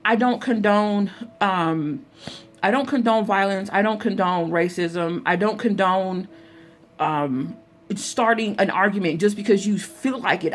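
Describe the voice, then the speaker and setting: Chatty woman telling a storytime vlog. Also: mid-range voice. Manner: chatty, addresses viewers as y'all, many fillers and restarts. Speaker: vlogger.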